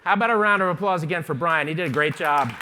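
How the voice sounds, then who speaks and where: A man, running a live photography workshop. He talks quickly and casually, cracking jokes and firing questions at the audience as he demonstrates. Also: on the high side, crowd noise, background noise. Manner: chatty, jokey, fast-talking teacher quizzing the audience. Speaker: photography instructor. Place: conference stage before a live audience.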